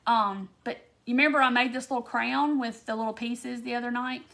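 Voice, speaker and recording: A woman with a slightly high voice hosts a casual craft live stream. She talks in a chatty, gushing way and reads her viewers' comments aloud as she works. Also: fairly even intonation, a little fast, gravelly, a bit bright. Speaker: craft tutorial host.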